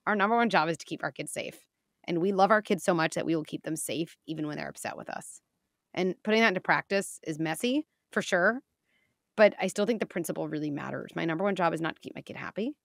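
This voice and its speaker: Woman psychologist guest, animated storyteller, gravelly fry, dry close-miked. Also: on the low side, quick pace, no echo. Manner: animated, acts out scenes with quoted voices. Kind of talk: casual interview talk.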